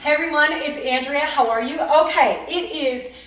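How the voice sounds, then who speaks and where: A woman's voice: high-pitched, normal speed, over music. A woman hosting a casual cooking demonstration in her home kitchen, chatty and upbeat, teary-eyed from cutting onions and laughing at herself. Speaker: cooking video host. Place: home kitchen, roomy and echoey. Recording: echoey kitchen, mic far off, cooking noise. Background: clatter of knives, pots and dishes.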